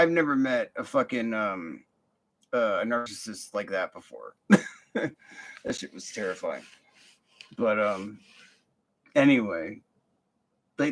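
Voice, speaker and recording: A man's voice: medium pitch, a bit bright. A young man telling a work story in a casual, profane, rambling rant full of fillers and restarts. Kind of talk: casual ranting monologue.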